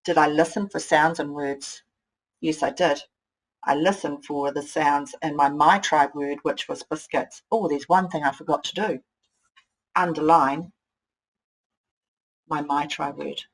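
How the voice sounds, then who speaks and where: Breathy teacher. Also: female voice, deep voice, steady tone, low-quality recording. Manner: slow, sounding out words, thinking aloud. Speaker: primary school teacher. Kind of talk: modeling writing for young children.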